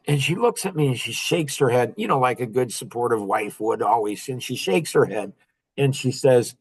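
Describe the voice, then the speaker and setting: A man's voice: medium pitch, moderate pace, breathy edge. A man in his fifties telling stories on a podcast in a casual, joking and boastful way, laughing often. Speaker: podcast guest. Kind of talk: casual storytelling.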